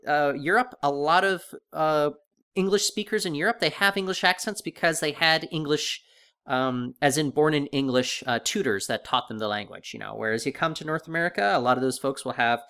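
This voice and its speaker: A man's voice: fairly high pitch, a little fast, pushed and bright, clear, resonant tone. A man co-hosting a casual podcast discussion, talking with many fillers and restarts. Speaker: podcast co-host.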